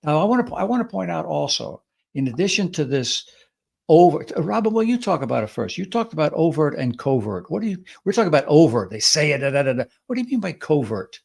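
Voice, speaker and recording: A man's voice: fairly high pitch, fast talker, vocal fry, breathy edge. A man co-hosting a talk show, explaining and acting out examples of what people say. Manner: explanatory, lively acted quotes. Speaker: podcast co-host. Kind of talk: conversational advice talk.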